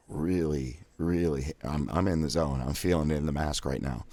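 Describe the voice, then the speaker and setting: A man leading a guided voice exercise drill in a relaxed, joking, self-deprecating coaching manner. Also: rumbling low, moderate pace, no echo, clean studio sound.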